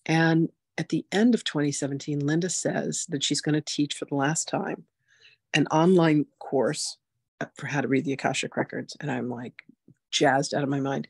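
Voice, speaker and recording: A woman in her sixties hosting a spiritual masterclass, telling her story in a chatty, animated way full of "like" and "you know". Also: low-pitched, vocal fry, breathy edge, no echo, studio quality. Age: 60s. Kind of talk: casual personal storytelling.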